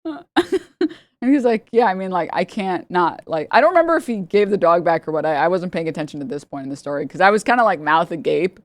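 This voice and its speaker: A woman's voice: lowish voice, quick pace, dry recording. A young adult woman streamer telling a long story casually, rambling and laughing, acting out the people she quotes. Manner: rambling, animated, laughs often, acts out quotes.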